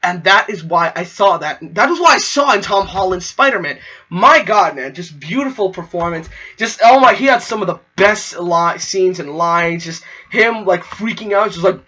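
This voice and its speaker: High, bright, excitable young man. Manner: gushing and animated, full of fillers and quick acted-out quotes. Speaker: movie reviewer. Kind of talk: excited spoiler movie review. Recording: dull lo-fi recording.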